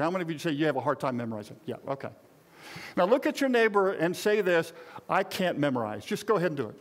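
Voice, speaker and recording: A pastor in his sixties with a notably high voice preaches in a loose, conversational way. He jokes with the congregation and speaks straight to them in a folksy tone. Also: huge pitch swings, quick pace, a bit bright. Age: 60s. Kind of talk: conversational sermon.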